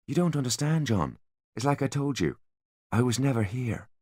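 A man voicing a calm, calculating teenage boy genius with a smug, measured delivery in an audiobook. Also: lowish voice, dry recording, studio quality.

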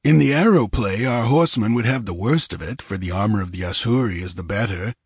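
A man's voice: fairly low pitch, fairly quick, slightly rough, no echo, clean studio sound. A man reading aloud, voicing a hot-tempered, ambitious male bandit chief with a commanding, sardonic manner. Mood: angry, menacing.

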